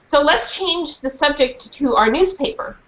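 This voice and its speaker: A woman reads a children's book to students at a measured pace in a high voice, then livelily asks the class questions. The recording sounds dull and lo-fi, with a faint hiss.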